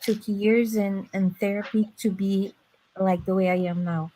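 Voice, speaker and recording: A woman's voice: mid-range voice, measured pace, rough recording. Nasal woman. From Brazil. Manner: chatty, storytelling, animated asides. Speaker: guest on a live stream. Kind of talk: casual chat.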